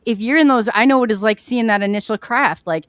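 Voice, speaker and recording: A woman's voice: on the high side, brisk, a bit bright, no echo. Woman host, chatty, filler-heavy, laughs easily, dry close sound. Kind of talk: casual conversation.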